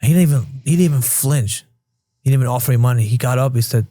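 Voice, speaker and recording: Casting: guest in his thirties, man from New York, gravelly and husky, dark tone, earnest and emotional. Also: mid-range voice, fast talker, dry recording, studio quality. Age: 30s. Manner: earnest, emotional, repeats himself when moved. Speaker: podcast guest. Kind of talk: casual interview chat.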